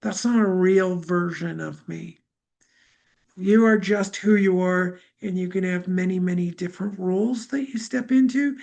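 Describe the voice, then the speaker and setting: Healer lady with a bit of fry in her voice, soft musing chat, lots of um and you know. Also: fairly low pitch, measured pace. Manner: gentle, musing, many fillers, speaks her feelings as they come. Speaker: energy healer leading a live healing session. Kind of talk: guided healing talk.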